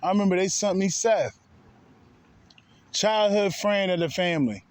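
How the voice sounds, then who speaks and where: A man's voice: high-pitched, moderate pace, no room sound. A man ranting to his viewers in a heated, profane, repetitive way, calling them bro again and again. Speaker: spiritual vlogger. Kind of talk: casual rant to camera.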